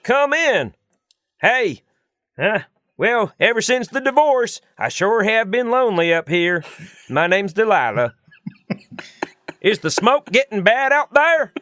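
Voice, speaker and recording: A man voicing a lonely woman fire lookout on a radio, in a goofy, flirty, breathy falsetto with walkie-talkie sign-offs. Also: big pitch swings, slow, long pauses, pushed and bright, no echo, heavily acted. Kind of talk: comedic impression in a podcast interview.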